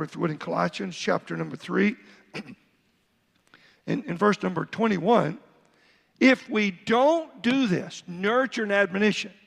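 A man's voice: sits high, creaky, a bit bright, in a large hall. A man, the pastor, preaching a sermon, reading Bible verses aloud and acting out a father's talk with his son. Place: church sanctuary.

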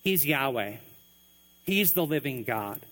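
A man's voice: sing-song, takes it slowly, fairly bright tone, rough recording. Earnest man preaching a sermon. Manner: earnest preaching, drops low on key phrases. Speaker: pastor.

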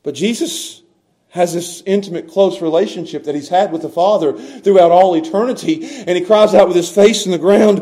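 A middle-aged male pastor preaching a sermon, dropping to hushed low tones and then rising to loud, impassioned cries. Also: lively intonation, a little fast.

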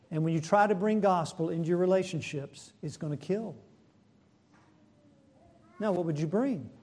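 Slow, earnest male preacher. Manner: builds in pitch and loudness when pressing a point, then drops low and soft; slow, deliberate delivery with rhetorical questions. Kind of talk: sermon.

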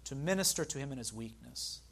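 A man preaching a sermon as pastor, earnest, slowing down to stress key phrases and speaking directly to the congregation. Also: medium pitch, lively intonation, vocal fry, a bit bright.

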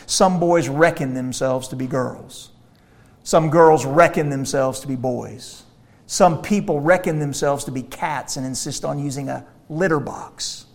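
Preacher guy, pretty high voice, goes soft then booms out emphatic lines. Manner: emphatic, swings from quiet to loud declarations. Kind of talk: sermon.

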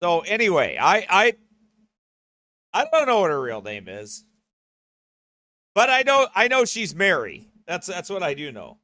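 Forceful, rambling male broadcast host. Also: sits high, huge pitch swings, a little slow, pauses often, dry recording. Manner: rambling, repeats "okay?" and "right?"; laughs often while talking.

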